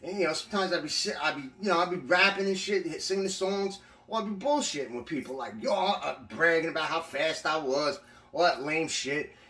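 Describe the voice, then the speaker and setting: A man's voice: fairly high pitch, a little fast, pushed and bright, recorded from a distance. A man casually recounting his prison time, swearing freely and rambling with restarts. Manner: profane, rambling with frequent restarts. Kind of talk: casual storytelling. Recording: echoey room, voice from away from mic.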